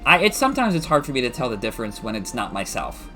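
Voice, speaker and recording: A man's voice: medium pitch, sing-song, fast talker, sharp tone, faint music behind. A man streaming a farming game, chatting casually and musing aloud as he rambles.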